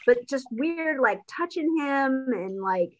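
A chatty woman with a slightly high voice, talking over a movie with a friend. She agrees a lot, fills her talk with "like", and breaks into quick impressions of the characters. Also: lively intonation, muffled recording. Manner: chatty, agreeing, frequent fillers, acts out quotes. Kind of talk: casual movie recap chat.

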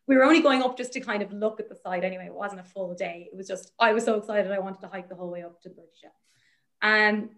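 A woman talking as an interview guest, explaining fossil research and then telling a story from her fieldwork in a chatty, enthusiastic way with lots of fillers. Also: mid-range voice. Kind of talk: conversational storytelling.

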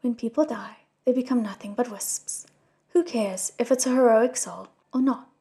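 Woman voicing a gruff greedy old swindler. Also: a little high, normal speed, warm tone. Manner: gruff, quarrelsome, scornful. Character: gruff greedy old male scam cultivator.

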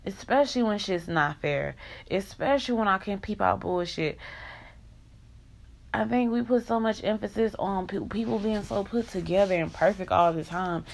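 A woman's voice: medium pitch, moderate pace, creaky. A young woman in an emotional vlog rant, venting in raw, profane country slang.

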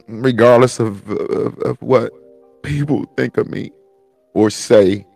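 A man with a low voice talks through tears, swearing and rambling from one thought to the next. Faint music plays behind him as he hosts his own show. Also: darkish tone. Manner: rambling, profane, tearful and laughing. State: crying. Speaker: podcast host. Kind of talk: emotional personal monologue.

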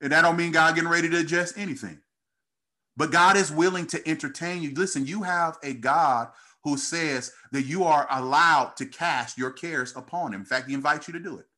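A man's voice: fairly quick, sharp tone. A man preaching a sermon, calling out to the congregation and building in intensity as he reads scripture. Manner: call-and-response preaching, rising in pitch and intensity.

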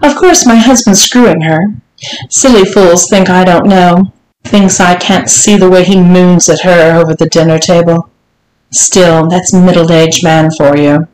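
An imperious, mocking older lady of the manor drawls her words in a storybook read-aloud, voiced by a woman. Her voice rides noticeably higher than the narration, slow and teasing. The room around her gives a roomy echo. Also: darkish tone, lightly acted. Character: haughty, mocking wealthy older lady of the house.

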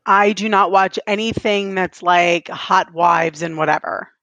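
A woman's voice: fairly low pitch, measured pace, fairly bright tone, no room sound. A woman co-hosting a casual podcast, chatty and giggly, with lots of filler words. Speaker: podcast co-host. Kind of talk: casual chat.

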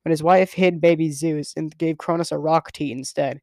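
A man's voice: on the high side, fairly even intonation, moderate pace, darkish tone, no echo. A man reading a novel aloud as first-person narrator, in a casual storytelling way with the odd stumble. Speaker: reader.

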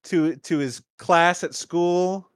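A man joking through a movie rewatch with a co-host, wry and quick to act out the characters' lines. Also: high voice, clean tone, no echo, clean studio sound. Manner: wry, jokey, acts out lines in funny voices. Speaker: podcast co-host. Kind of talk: casual movie rewatch chat.

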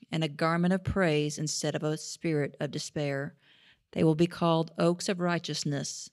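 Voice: mid-range voice, dry recording. A person reads scripture aloud to a study group. The voice is dry and close, and it barely rises or falls.

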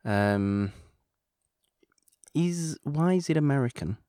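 A man's voice: medium pitch, expressive, slow, warm tone, no echo, clean studio sound. A man talking casually about a film, rambling and correcting himself as he goes. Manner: rambling, restarts, self-correcting. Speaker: podcast co-host.

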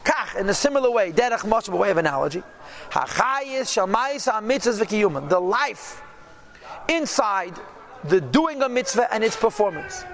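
High-voiced man teaching a text class. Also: moderate pace. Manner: reads phrases aloud and translates each, then asks and answers his own questions; lively teaching with rhetorical "yeah?" and "right?". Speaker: Torah teacher. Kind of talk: text-based religious class.

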